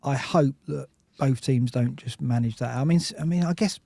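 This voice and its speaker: On a football podcast, a male co-host with a gravelly, dark, mid-range voice talks at a moderate pace in a dry recording. The chat is casual, and he laughs easily and keeps restarting his sentences.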